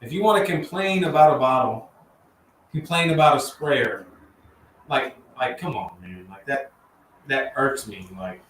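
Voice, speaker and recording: A man speaking as a livestream guest, excited and chatty, who keeps saying "man" and "dude". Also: medium pitch, measured pace. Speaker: guest detailer. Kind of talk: casual livestream chat. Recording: roomy, distant mic with faint background hiss.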